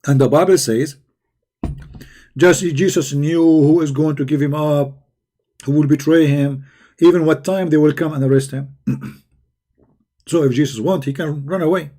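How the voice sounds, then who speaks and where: Man, debate host, mocking and combative, slightly high voice, dark mellow tone. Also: steady tone, normal speed, long pauses. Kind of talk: live online debate commentary.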